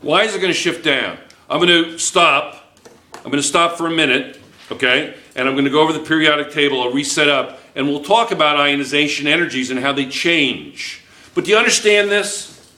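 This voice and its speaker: A man's voice: on the high side, fairly quick, pushed and bright. A man teaching chemistry to a class, playful and joking, firing questions at his students. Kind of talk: classroom lecture. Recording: echoey classroom.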